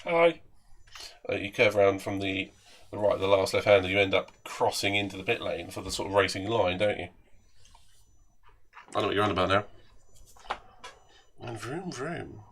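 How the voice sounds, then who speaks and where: A man's voice: deep voice, fairly quick, pauses often, fairly bright tone, slight background noise. A man with an English accent chatting and joking with viewers while commentating his own racing game on a live stream. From England.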